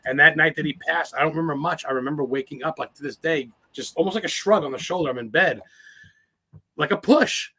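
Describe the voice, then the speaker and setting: A man in his forties talks quickly as a guest in a casual interview. His voice sits a little high and has a bright, forceful edge. He rambles through his stories with plenty of swearing and open emotion. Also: husky. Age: 40s. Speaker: podcast guest.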